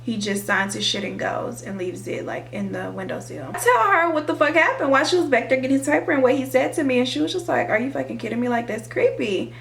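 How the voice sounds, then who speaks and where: A young woman vlogger telling a dramatic, profane storytime while doing her makeup, animated and expressive. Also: high voice, fast, gravelly, hardly any pauses, a little hiss or hum. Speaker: beauty vlogger. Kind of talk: storytime chat during a makeup tutorial.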